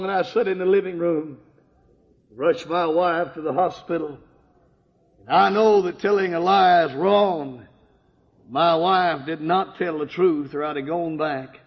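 An older man giving a fervent sermon testimony, swinging from hushed tones to loud outbursts. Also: high voice, steady tone, a little slow, vocal fry. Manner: impassioned, swings from hushed to shouting. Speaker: preacher giving his testimony. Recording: dull lo-fi recording in a reverberant hall.

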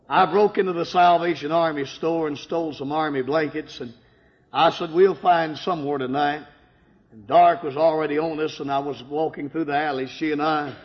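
In a church sanctuary, a preacher from Michigan shares his testimony in a slightly high voice. His emotional storytelling builds to cries at its peaks. The lo-fi recording sounds dull, with the hall's reverberation.

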